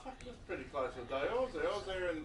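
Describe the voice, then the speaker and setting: A man's voice: high voice, very fast. A man chatting and swearing on the phone and telling a story off-mic, picked up from across the room. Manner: chatty, laughs, swears, animated when retelling. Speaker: family member on the phone in the background. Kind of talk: casual phone chat and storytelling. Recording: distant echoey room pickup with loud noise.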